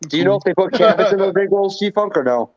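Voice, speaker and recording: A man's voice: high voice, animated, quick pace, no room sound. A man joining a casual car live stream as a guest, teasing and emphatic. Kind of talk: casual chat. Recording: dull dry call audio.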